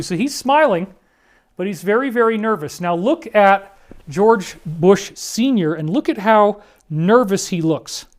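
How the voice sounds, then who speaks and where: A man with a fairly high voice walks the listener through photos in earnest, conspiratorial commentary. His talk is full of restarts, and he turns pleading and choked up, close to tears. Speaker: speaker presenting disclosure claims. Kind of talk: emotional commentary over photos.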